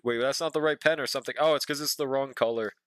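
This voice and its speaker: A man's voice: mid-range voice, steady tone, fast talker, fairly bright tone, slight background noise. A young man streaming as he draws, chatting casually with viewers and swearing freely. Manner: laid-back, swears often, talks to chat. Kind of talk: casual stream chat while drawing.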